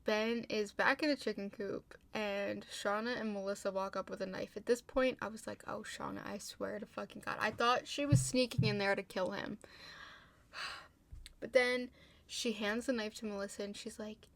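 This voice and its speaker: A woman's voice: mid-range voice, fairly even intonation, moderate pace, a bit bright. A young woman casually recapping a TV episode, chatty, swearing often and filling her sentences with "like.". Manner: chatty, heavy "like" fillers, frequent swearing. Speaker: TV show recapper.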